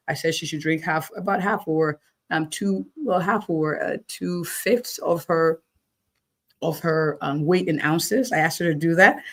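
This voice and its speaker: A woman physician, appearing as a guest, answers interview questions in a deep voice. She is encouraging, checks in with her listeners, and often repeats words for emphasis.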